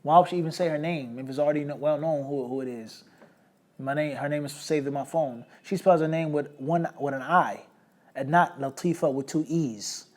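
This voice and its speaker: A man teaching a hadith studies lesson in English, his voice sitting a little high for a man. He explains with everyday examples, peppers his talk with Arabic terms and keeps checking in with his students. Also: a little fast, a little mellow. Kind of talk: Islamic studies lecture.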